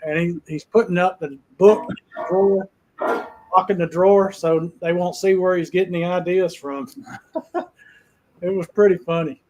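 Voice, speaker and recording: A man's voice: high-pitched, fairly even intonation, normal speed, darkish tone, a little hiss or hum, low-quality recording. A man hosting a casual chat, telling long folksy stories in a rambling way. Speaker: host.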